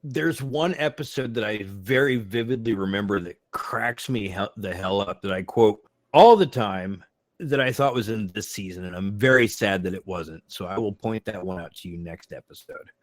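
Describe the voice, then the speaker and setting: A man co-hosting a podcast, chatting in an animated way, often laughing and swearing casually while recapping episodes. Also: lowish voice, normal speed. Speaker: podcast co-host. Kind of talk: casual chat.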